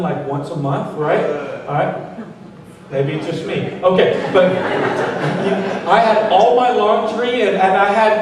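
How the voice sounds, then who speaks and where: A man, a pastor, telling a humorous story in a sermon in an animated way. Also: high voice, a little hiss or hum. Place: church hall. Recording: echoey church hall, distant mic.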